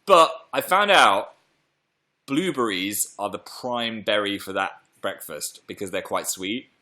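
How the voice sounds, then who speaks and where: A man's voice: on the low side, lively intonation, unhurried, bright, forceful tone. A young British man hosting a casual live stream, chatting playfully and reading out viewer comments. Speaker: livestream host.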